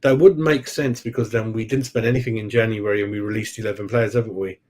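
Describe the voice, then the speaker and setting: A man's voice: on the low side, steady tone, quick pace, a little mellow. A man hosting a football fan channel, chatting on a live stream in a rambling, easygoing way, laughing often and calling his viewers mate. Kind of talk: casual live-stream chat.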